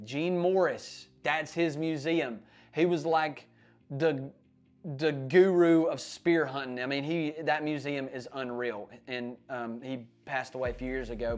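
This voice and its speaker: A young man, hosting a casual hunting vlog and telling a rambling, excited story full of fillers. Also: a little high. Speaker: hunting channel host.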